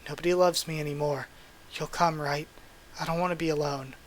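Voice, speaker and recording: A man reading the part of a lonely, quick-tempered young girl stuck in a hospital bed, speaking tearfully. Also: a little high, fairly even intonation, a little hiss or hum, natural voice. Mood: pleading. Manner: tearful and pleading.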